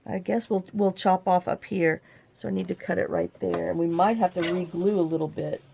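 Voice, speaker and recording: A middle-aged crafting channel host rambles to herself while she works, in casual tutorial chat. Her fairly low voice is gravelly and dark, with a steady tone at normal speed, and a little hiss or hum sits underneath.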